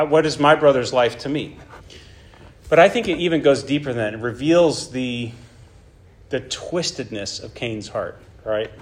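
Male preacher, medium pitch, emphatic and probing, checks in with the room. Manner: emphatic, checks in with "right?" and "okay?". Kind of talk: sermon.

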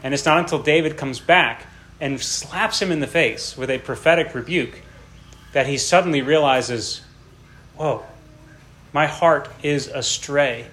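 A man's voice: fairly high pitch, moderate pace, a bit bright. A man preaching a sermon who reads scripture aloud with rising dramatic emphasis and explains between readings in a plain teaching tone.

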